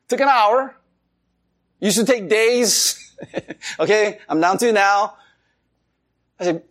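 Male pastor mid-sermon; very lively, swooping pitch, expressive and animated. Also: takes it slowly, pauses often. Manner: animated preaching with laughs and acted-out quotes.

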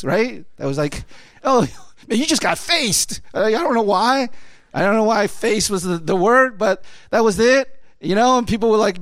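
A man's voice: sits high, dry recording, clean studio sound. A middle-aged man preaching a sermon in a loose, conversational way, often checking in with "right?". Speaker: pastor.

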